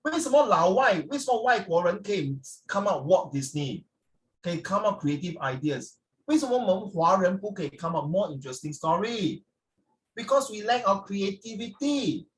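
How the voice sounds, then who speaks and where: His voice sits high and his pace is moderate as he teaches a class with playful, energetic coaching, slipping again and again into Mandarin phrases. The mic seems to be somewhat far from him.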